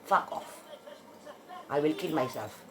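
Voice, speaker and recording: A woman's voice: low-pitched, animated, slow, crowd noise. A woman in a casual monologue, blunt and emphatic, swearing freely as she rants. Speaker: vlogger.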